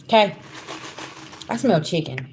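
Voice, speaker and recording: A woman's voice: on the low side, expressive, unhurried, a little hiss or hum. A woman giving a casual livestream spiritual reading, talking bluntly and profanely straight to her viewers. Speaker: spiritual reader.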